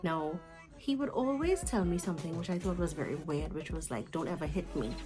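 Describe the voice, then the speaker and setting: A Trinidadian woman in her twenties telling a storytime vlog in an animated, chatty way, with asides to her viewers. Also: on the low side, brisk, music in the background, rough recording. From Trinidad and Tobago. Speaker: vlogger.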